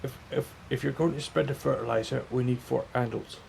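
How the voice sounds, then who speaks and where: A man's voice: mid-range voice, fairly even intonation, fairly quick, gravelly, a little mellow, a little hiss or hum. A British man joining a game stream, chatting casually with dry, joking quips. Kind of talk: casual gaming chat.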